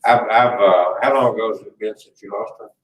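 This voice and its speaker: Host, man in his 60s, very low voice, easygoing, recorded in a roomy space. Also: fairly even intonation, fairly quick. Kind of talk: casual chat. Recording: roomy, distant mic, faint noise.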